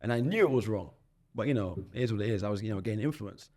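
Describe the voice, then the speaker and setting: A man in his twenties with a London accent, a podcast guest telling his life story in animated, slang-heavy talk, often restarting and repeating words. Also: lowish voice, very fast. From London, England. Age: 20s.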